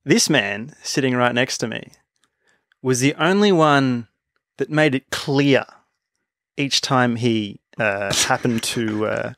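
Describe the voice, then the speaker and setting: A man talking casually on a podcast, mid-pitched and easygoing. He rambles through his story with frequent laughs, close to a dry, dead microphone. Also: slow, a bit bright, no room sound. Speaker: podcast co-host. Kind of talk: casual chat.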